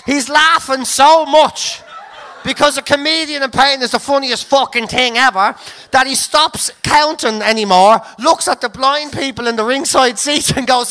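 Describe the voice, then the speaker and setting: High-pitched sweary comedian. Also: male voice, moderate pace. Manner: sweary, animated, bursts into shouted laughing. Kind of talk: storytelling anecdote.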